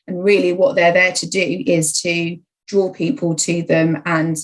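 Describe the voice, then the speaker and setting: A woman speaking as a podcast guest, explaining her writing work in a measured conversational way. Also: fairly low pitch, little pitch movement, poor audio. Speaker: podcast guest, content writer. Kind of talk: conversational interview.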